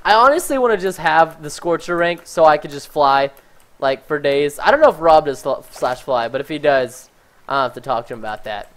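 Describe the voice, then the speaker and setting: A man giving chatty, excitable live commentary while playing a game, talking to his viewers and easily startled. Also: on the high side, a little fast. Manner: talks to chat and viewers. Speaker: gaming livestreamer.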